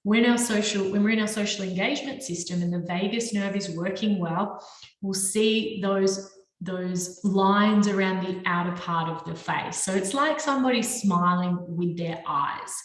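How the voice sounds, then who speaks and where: A woman teaching a lesson on the nervous system, talking through slides with animated, varied intonation. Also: medium pitch. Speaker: trauma and nervous system educator. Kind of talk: explanatory lecture with slides. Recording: very echoey room.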